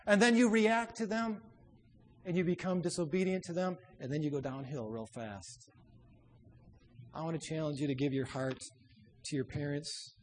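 A man preaching a sermon in an emphatic, exhorting way, often dropping low and soft to drive a point home. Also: moderate pace, a little hiss or hum.

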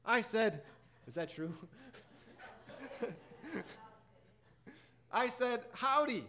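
A preacher telling a personal story in a sermon, acting out both sides of a conversation and reciting hymn lyrics. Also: male voice, extremely high pitch, drawn-out words, long pauses. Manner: animated storyteller acting out dialogue.

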